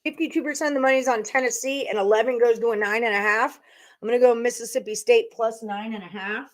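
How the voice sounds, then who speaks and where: Her voice sits on the high side with fairly even intonation, and she talks fast. She's running a live sports betting stream, casually chatting and reasoning aloud to viewers about her picks.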